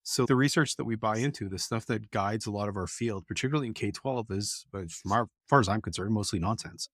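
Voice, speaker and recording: A man's voice: on the low side, brisk, a bit bright, dry recording, studio quality. A middle-aged man, an education professor, talking bluntly and candidly as an interview guest, telling stories from his classes. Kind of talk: casual conversational interview.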